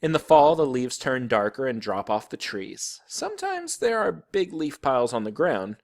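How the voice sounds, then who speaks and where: A man reads a children's chapter book aloud, his narration lively and full of expression. His pitch sits mid-range but swings a lot, and the delivery stays clear and storylike. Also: normal speed. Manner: expressive, animated narration with voiced dialogue. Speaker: storybook reader.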